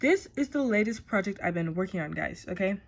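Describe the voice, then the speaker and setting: A young woman talks casually to her viewers about her writing, chatty and thinking aloud with little restarts. Her voice sits at a middle pitch. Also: animated, brisk, gravelly. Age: young adult. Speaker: author vlogger. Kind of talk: casual chat to camera.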